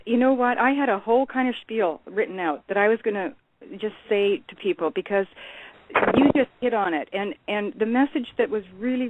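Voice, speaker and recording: A woman's voice: medium pitch, slight background noise. A woman guest on a call-in talk show, speaking bluntly and urgently and swearing freely. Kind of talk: impassioned call-in rant. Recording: tinny phone line, dry.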